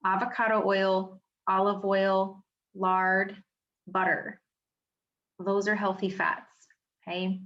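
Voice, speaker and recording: A woman's voice: mid-range voice, level tone, takes it slowly, pauses often, lo-fi sound. A woman giving a casual wellness seminar from her home office, chatty and emphatic, with many fillers. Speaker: wellness educator.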